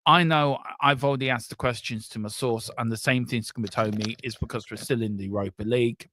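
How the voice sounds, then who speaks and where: A man's voice: mid-range voice, fairly even intonation, fairly quick, few pauses, fairly bright tone, no room sound. A man hosting a casual football fan talk show, frank and emotional, rambling between reader comments.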